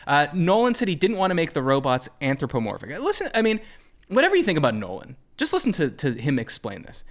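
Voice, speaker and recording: Male podcast host, casual movie chat, lively swinging pitch, jokey delivery, acts out quotes. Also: fast talker.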